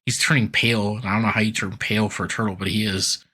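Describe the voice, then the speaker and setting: A man's voice: lowish voice, level tone, fast talker, bright, forceful tone, husky. A man co-hosting a podcast, recapping a cartoon episode in loose, laughing casual chat full of fillers. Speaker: podcast co-host.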